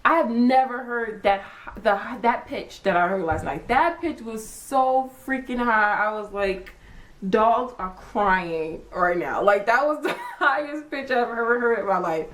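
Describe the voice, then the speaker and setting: A young woman vlogger chatting casually, acting out her own reactions with big jumps in pitch. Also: expressive, normal speed, rough recording. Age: young adult. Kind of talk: casual chat.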